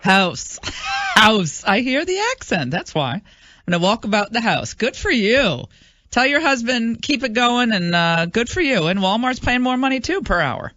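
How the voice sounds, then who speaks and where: A woman's voice: a little high, sing-song, a little slow, a bit bright, no room sound, dull audio. A woman hosting a talk radio show, chatty and emphatic with frequent fillers. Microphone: studio microphone.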